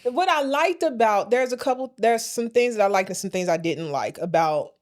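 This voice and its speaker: A woman's voice: fairly high pitch, lively intonation, moderate pace. An American woman co-hosting a casual podcast chat, talking straight to her listeners in a folksy, blunt way. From United States. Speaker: podcast co-host.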